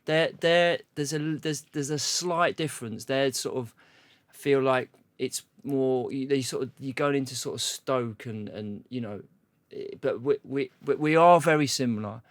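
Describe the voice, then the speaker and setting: A man's voice: medium pitch, measured pace, no room sound. Rambling man with a Leicester accent. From Leicester, England. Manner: rambling, many restarts and "you know what I mean". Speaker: guest musician. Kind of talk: casual chat.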